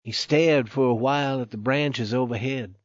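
A man's voice: medium pitch, normal speed, no room sound. Man narrating a book, dull lo-fi sound. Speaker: audiobook narrator. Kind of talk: scripted narration.

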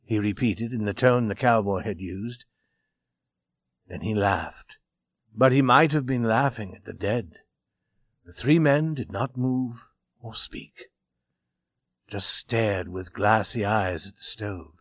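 A man reading a story aloud as narrator, steady and expressive. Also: lowish voice, slow pace, pauses often, no echo, studio quality.

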